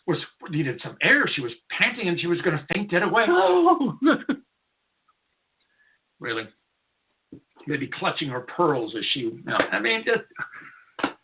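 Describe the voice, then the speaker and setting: A man hosting a talk radio show, delivering a blunt, irreverent, rambling monologue from a studio. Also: fairly high pitch. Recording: narrow tinny lo-fi audio.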